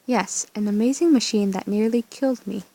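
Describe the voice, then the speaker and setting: A woman's voice: mid-range voice, a little fast, warm tone, lightly acted, poor audio. A woman voicing a brave young heroine in a story game, plain and lightly sarcastic. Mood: wry.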